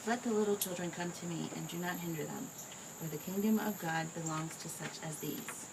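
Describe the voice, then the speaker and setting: A woman reading a picture book aloud to her child in a gentle, expressive way. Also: on the low side, a little fast. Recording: home recording with clear background noise.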